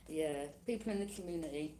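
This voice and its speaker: A woman's voice: lowish voice, warm tone, a little hiss or hum. A woman giving a casual tarot reading, chatty and laughing often, acting out other people's lines. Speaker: tarot reader.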